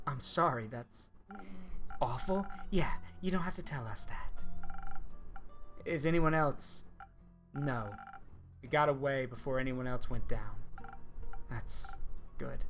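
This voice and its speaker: Soft spoken guy reading game lines on stream, music faint behind. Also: medium pitch. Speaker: streamer reading a visual novel. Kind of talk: reading game dialogue aloud.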